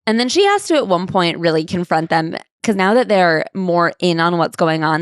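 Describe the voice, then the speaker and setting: Woman podcast co-host, lowish voice, casual talk, dry mic. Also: very animated, normal speed, no room sound. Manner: casual, swears, reads book passages aloud. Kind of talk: casual chat recapping a memoir.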